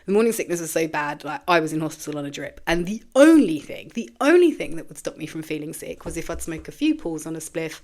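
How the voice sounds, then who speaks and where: A low-pitched woman speaks candidly in a personal monologue on her own show. She talks bluntly and swears freely, often breaking off and restarting her sentences. There is a tearful, emotional edge to her voice. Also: sing-song, fast, hardly any pauses, a little mellow. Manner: frank and profane, with trailing restarts. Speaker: podcast host.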